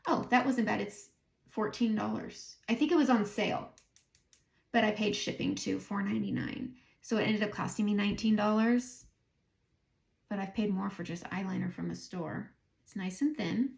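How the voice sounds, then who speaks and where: A woman's voice: mid-range voice, normal speed, creaky, darkish tone. A woman with a Southern American accent, chatting casually and thinking aloud as she does her makeup for a beauty vlog. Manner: chatty, thinking aloud, self-talk while applying makeup. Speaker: beauty vlogger. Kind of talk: casual makeup tutorial chat.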